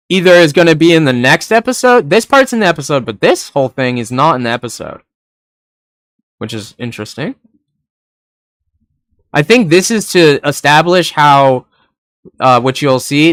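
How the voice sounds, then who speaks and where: A man's voice: fairly high pitch, a bit bright, dry recording, clean studio sound. A young man reviewing an anime episode in a rambling, casual way, laughing often and swearing now and then.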